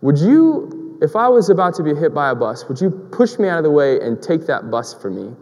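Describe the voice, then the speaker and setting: A man's voice: a little high, big pitch swings, normal speed, a little mellow. A man voicing a harried wife who keeps pressing her husband for help, in a sermon story, with long hall reverb. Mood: questioning. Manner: insistent, pressing.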